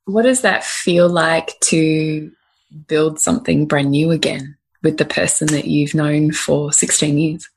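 Soft husky-voiced woman interviewer. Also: low voice, steady tone, measured pace. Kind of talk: interview questions.

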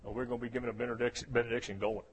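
A man preaching a sermon as pastor, swinging between soft low passages and loud shouted ones, often calling out "Amen?". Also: little pitch movement, very fast, a little hiss or hum. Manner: calls for "Amen?" responses.

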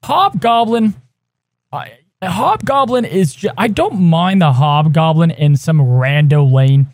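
High-voiced animated male podcast co-host. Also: slow, no echo. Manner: animated, hypes up segments. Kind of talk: casual podcast chat.

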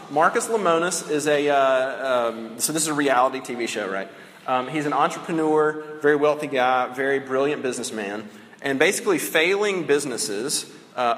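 A man preaching a sermon in a casual, conversational way. He often tags his points with "right?" and slows down to stress key phrases. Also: mid-range voice, fairly bright tone. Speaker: pastor. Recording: long hall reverb with faint ambience.

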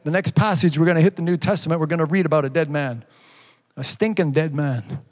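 Man, pastor, preaching, high voice, rhetorical questions, long church reverb. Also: quick pace. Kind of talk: sermon.

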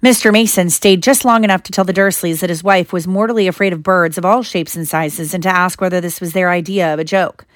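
A woman, a mother, reading a storybook aloud to her child in steady narration. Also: lowish voice, fairly quick, hardly any pauses, dry recording, clean studio sound.

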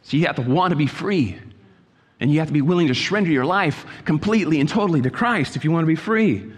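A man preaching a sermon in an exhorting manner, repeating his phrases and moving between quiet asides and loud calls. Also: a little high, expressive, quick pace, husky, big-room sound. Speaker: pastor.

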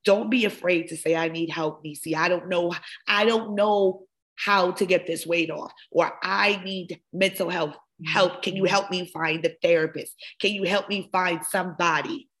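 A woman's voice: lowish voice, steady tone, normal speed, a bit bright. A woman hosting a wellness podcast, giving an impassioned motivational talk full of repeated phrases. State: emotional. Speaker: podcast host, wellness coach. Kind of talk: motivational monologue.

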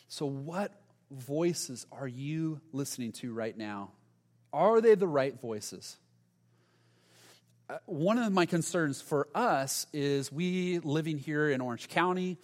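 A man preaching a sermon, telling a story in a lively way and acting out the quoted lines. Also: on the high side. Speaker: pastor. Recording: long reverb of a large hall.

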